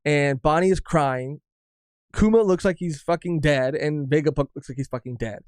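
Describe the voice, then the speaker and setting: A man's voice: on the high side, moderate pace, darkish tone, smooth, no echo, studio quality. A man co-hosting a podcast, chatting casually and animatedly about a manga chapter, swearing freely and often restarting his sentences. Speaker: podcast co-host. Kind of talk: casual chat reviewing manga.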